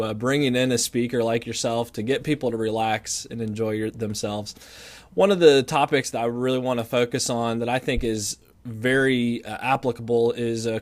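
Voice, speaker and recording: A man hosting an interview, asking questions and praising his guest with enthusiasm. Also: mid-range voice. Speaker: interview host.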